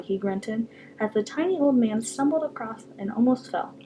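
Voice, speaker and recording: Woman, storybook reader, mellow, slightly high, dramatic pauses. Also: slight background noise, rough recording. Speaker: YouTuber reading aloud. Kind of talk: reading a novel aloud.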